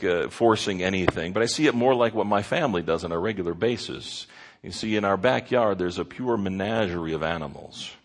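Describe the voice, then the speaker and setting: A man pastor giving an earnest sermon with repeated phrases and leading his congregation in prayer. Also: on the low side.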